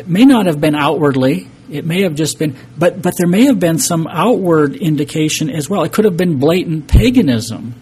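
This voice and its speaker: A man's voice: on the high side, animated, moderate pace, hardly any pauses, darkish tone, husky. A man preaching a sermon, earnest and emphatic, reading scripture and explaining it to a congregation. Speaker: pastor.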